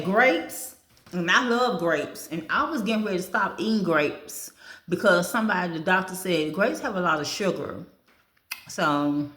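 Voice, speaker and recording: A woman's voice: on the low side, fairly bright tone. A woman vlogging over breakfast, chatting casually, reading through a food list and talking with her mouth full. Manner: chatty, reads a food list aloud and comments on it. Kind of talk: casual chat while eating. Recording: echoey room.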